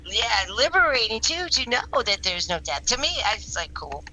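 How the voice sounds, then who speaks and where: A woman's voice: fairly high pitch, sing-song, moderate pace, over a noisy crowd, low-quality recording. A woman guest in an interview, telling her experiences in an earnest, rambling way, often restarting and repeating words. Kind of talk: casual spoken storytelling.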